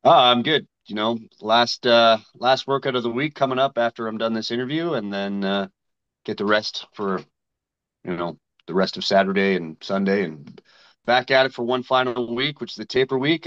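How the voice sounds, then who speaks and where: A man's voice: medium pitch, moderate pace, fairly bright tone, lo-fi sound. A man guest in a casual interview, talking bluntly and retelling conversations with others. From Canada. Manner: blunt, storytelling, acts out both sides of conversations. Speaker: guest fighter.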